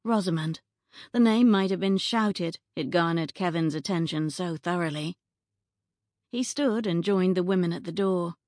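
A woman narrating an audiobook in a measured, even storytelling manner, recorded close on a studio mic. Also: on the low side, dry recording. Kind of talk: scripted narration.

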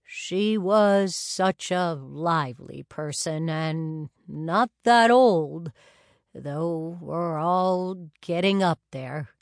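A woman's voice: on the low side, extremely slow, no room sound, clean studio sound. A woman voicing a genial husband near seventy. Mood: sorrowful.

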